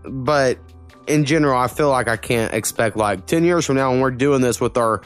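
Blunt, foul-mouthed podcast host. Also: male voice, medium pitch, clean tone, soft background music. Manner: blunt, swears a lot, talks in quick bursts. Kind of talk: casual podcast chat.

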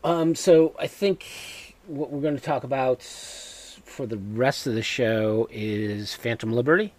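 A man with a New England accent, co-hosting a podcast in casual chat, talking hesitantly with many filler pauses. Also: mid-range voice. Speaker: podcast co-host.

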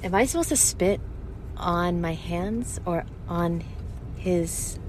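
A woman co-hosting a casual chat, joking around and firing off quick questions. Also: lowish voice, noisy background. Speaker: podcast co-host. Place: parked car.

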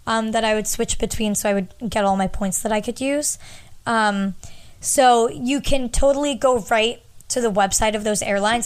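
A woman's voice: medium pitch, clear, resonant tone. A young woman talking casually to her audience, sharing travel tips in a chatty, rambling way with lots of fillers. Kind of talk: casual advice talk.

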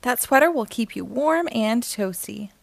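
A woman voicing a kind, patient tiger father in a storybook read-aloud, in a gentle manner. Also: fairly high pitch, animated, unhurried, creaky, dry recording, full character voice.

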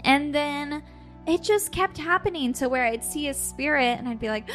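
Woman, podcast host, casual storytelling, animated, a bit high, video call. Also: normal speed, faint music behind. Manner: animated, laughing and swearing.

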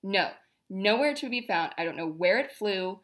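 A woman's voice: medium pitch, expressive, moderate pace, fairly bright tone. A young woman hosting a podcast, talking in a chatty, rambling, exasperated way about everyday annoyances. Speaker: podcast host. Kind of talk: casual monologue.

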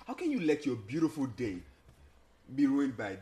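A man's voice: medium pitch, very animated, normal speed, warm tone. A young man co-hosting a casual talk, echoing his partner's phrases and telling stories with animation. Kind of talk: casual chat.

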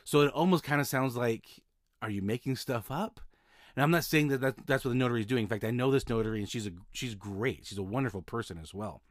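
A man's voice: medium pitch, fast talker, dry recording, clean studio sound. A man hosting a solo podcast, talking casually about his notary work, often repeating and restarting words. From Utah. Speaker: podcast host, mobile notary.

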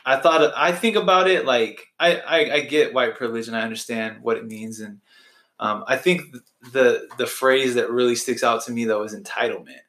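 A man talking as a podcast guest, reflective and halting, with many restarts. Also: medium pitch, steady tone, a bit bright, echoey room. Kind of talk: casual conversation.

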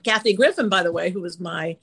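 A middle-aged woman, an actress guest on a podcast, telling her stories in a lively, animated way. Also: lowish voice, slightly rough. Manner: animated, quick storytelling with lively vocal swings. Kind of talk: casual interview storytelling.

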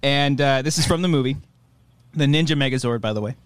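A man's voice: mid-range voice, a little fast, smooth, no room sound. A man co-hosting a podcast, chatting casually and joking with friends, reading out chat comments. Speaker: podcast co-host.

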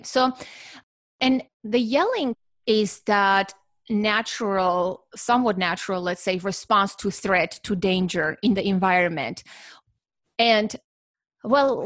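A woman talking as a guest on a podcast, measured, explaining with examples and lists. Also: mid-range voice, a bit bright, dry recording.

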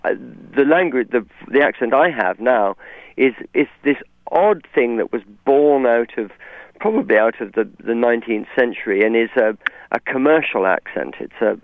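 A man's voice: mid-range voice, normal speed, vocal fry, no echo. A man with an English received pronunciation accent, a guest in a radio interview, articulate and discursive with frequent restarts. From England. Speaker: author guest. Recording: tinny phone line.

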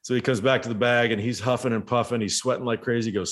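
A middle-aged former baseball player telling relaxed anecdotes in casual conversation. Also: male voice, medium pitch, quick pace. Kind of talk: casual storytelling.

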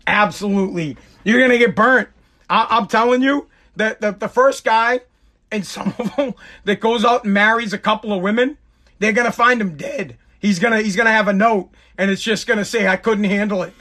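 A man's voice: high-pitched, normal speed, bright, forceful tone. A man hosting a podcast from home, delivering a mocking, exasperated comedic rant and often breaking into laughter. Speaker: podcast host.

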